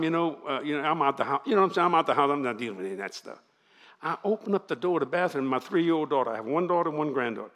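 With a voice on the high side, a Louisiana Cajun man in his seventies preaches to a congregation, his storytelling folksy and animated.

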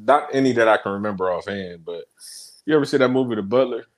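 A man co-hosting a podcast in casual chat, telling stories with halting restarts. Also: fairly low pitch. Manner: halting, restarts while storytelling. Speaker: podcast co-host.

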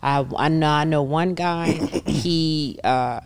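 A woman's voice: low-pitched, takes it slowly, a little mellow. A middle-aged woman, a massage therapist, talks casually in an interview and animatedly acts out the voices of the people she quotes.

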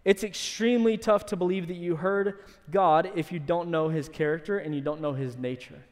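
A man preaching a sermon and telling a story with lively energy. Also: on the high side, moderate pace, long reverb tail. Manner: animated storytelling, shouting in acted quotes. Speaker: pastor.

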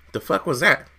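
Low-voiced man hosting a podcast. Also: heavy background noise. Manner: jokey, mock-dramatic complaining. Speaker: podcast host. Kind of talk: casual podcast banter.

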